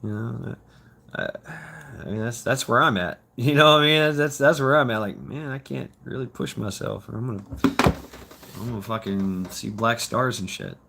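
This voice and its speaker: A man in his fifties hosts a loose, casual livestream, talking straight to his viewers. His voice is bright and forward, with a middling pitch. He rambles, swears often and trips over repeated words as he works his way through a thought. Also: normal speed, gravelly, a little hiss or hum. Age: 50s. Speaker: livestream host reading chat.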